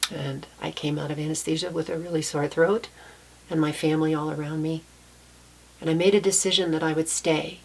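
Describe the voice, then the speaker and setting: A woman with a fairly low voice tells a story from her own childhood. She speaks softly and thoughtfully, pausing to correct herself now and then. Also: fairly even intonation, gravelly, husky. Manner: soft-spoken, reflective, with small restarts. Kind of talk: personal storytelling.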